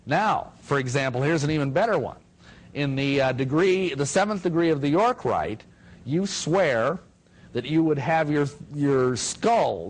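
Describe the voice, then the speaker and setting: A man's voice: a little high, rough recording. A middle-aged man giving a talk to an audience, telling stories and acting out quotes with jokes along the way. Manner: animated, jokey, acts out quotes. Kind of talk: lecture to an audience, storytelling.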